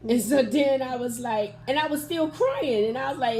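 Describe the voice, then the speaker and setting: A middle-aged woman giving an animated, expressive testimony as an interview guest, acting out the quotes in her story. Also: high-pitched, moderate pace, a little hiss or hum. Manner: Southern Black church vernacular, expressive, acts out quotes.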